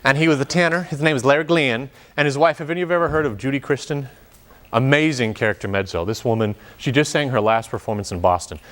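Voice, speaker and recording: A man's voice: mid-range voice, fast talker, fairly bright tone. A man coaching singers in an opera workshop rehearsal, chatty and joking, drifting into stories as he explains. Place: rehearsal room.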